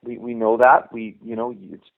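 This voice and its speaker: A middle-aged man tells a long, rambling story in a relaxed interview, acting out the lines of the people in it. His voice sits at an ordinary pitch and comes through a tinny, narrow phone line. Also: normal speed. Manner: rambling anecdotes, acting out quoted dialogue. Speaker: youth hockey coach, guest.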